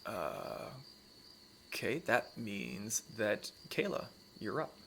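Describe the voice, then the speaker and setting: A man running a tabletop fantasy game, describing the scene in measured narration with small fillers. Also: on the low side, wildly swooping pitch, gravelly, fairly bright tone, a little hiss or hum. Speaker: dungeon master.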